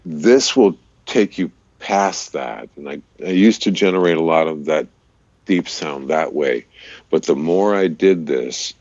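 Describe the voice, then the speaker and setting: In a casual interview chat, a male voice-over artist and radio DJ explains voice technique in an easygoing way. His deep, resonant voice is unhurried and a little mellow. The recording is muffled but has no echo.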